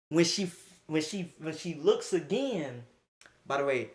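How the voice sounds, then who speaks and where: A young man streaming live from his phone, telling a crude, excitable story and acting out what others said. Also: on the high side, takes it slowly. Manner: crude, excitable, acts out quotes.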